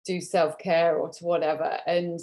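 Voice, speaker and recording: A woman hosting a podcast, affirming her guest with soft "mm"s before adding her own reflections. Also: on the low side, little pitch movement, moderate pace. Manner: affirming, many soft "mm" backchannels. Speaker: podcast host. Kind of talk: conversational interview.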